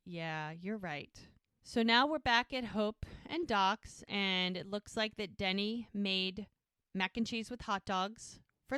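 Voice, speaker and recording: Casually recapping a TV episode on her podcast, this co-host acts out the characters' lines as she retells scenes and laughs here and there. Her mid-range voice is sharp, clear, and resonant, recorded dry in a clean studio.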